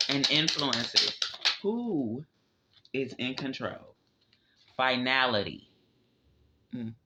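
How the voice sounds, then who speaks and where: A man doing a casual spiritual tarot reading, emphatic and profane. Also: bright, forceful tone. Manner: emphatic, profane, drifting pitch. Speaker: tarot reader. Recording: dull lo-fi audio.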